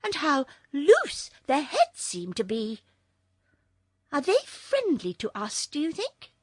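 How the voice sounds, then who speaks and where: A woman's voice: high voice, wildly swooping pitch, takes it slowly, no echo, clean studio sound, voice pushed up, heavily acted. A woman reading a storybook, voicing a dainty, timid fairy girl. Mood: wondering.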